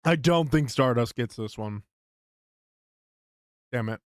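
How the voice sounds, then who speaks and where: A man's voice: medium pitch, takes it slowly, no echo. A young man live-streaming, chatting to his viewers as he guesses games, muttering and swearing at misses. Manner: hums game tunes under his breath.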